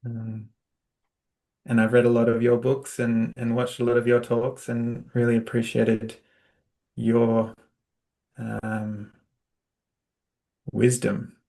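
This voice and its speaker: A young Australian man conducts a relaxed interview. He speaks in an even, fairly flat tone with frequent pauses and fillers, gentle and unhurried. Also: mid-range voice, vocal fry. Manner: soft-spoken, hesitant with fillers, laughs lightly. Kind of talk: casual conversational interview.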